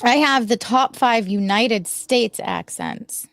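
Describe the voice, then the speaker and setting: A woman hosting a casual group stream, briskly reading out ranked lists. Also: on the high side, wildly swooping pitch, fairly bright tone, dry recording. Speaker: stream host.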